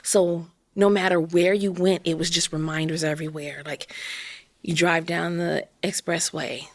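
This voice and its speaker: A woman's voice: on the low side, steady tone, moderate pace, no echo. A woman from Chicago, a podcast guest telling her story with emotion and acting out quotes. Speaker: interview guest. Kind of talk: candid podcast conversation.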